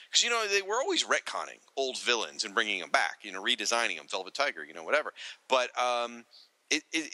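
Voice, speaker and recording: A man reads out listener mail on a podcast in a chatty, loose way, laughing easily and restarting his sentences. His voice is very bright and swings widely in pitch. The sound is dry and close to the mic. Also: no echo, poor audio. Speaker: podcast co-host reading listener comments. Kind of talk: casual podcast chat.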